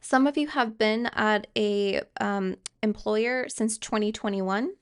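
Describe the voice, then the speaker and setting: A woman's voice: mid-range voice, slow pace, clean tone. A woman giving a tarot card reading, speaking hesitantly with fillers and restarts and reassuring viewers directly. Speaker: tarot reader.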